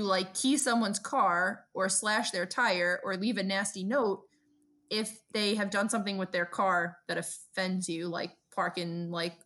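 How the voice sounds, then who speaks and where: A woman from Brooklyn with a New York accent, co-hosting a casual podcast chat and telling stories with plenty of swearing. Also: mid-range voice. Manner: profane, storytelling, animated. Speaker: podcast co-host.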